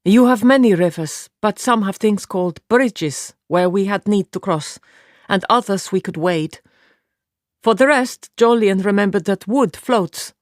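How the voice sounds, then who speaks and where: A woman's voice: mid-range voice, dry recording, studio quality, pitched above the performer's own voice, natural voice. A woman reading an audiobook, voicing a blunt, matter-of-fact young warrior woman in a raised voice. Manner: plain, measured, matter-of-fact.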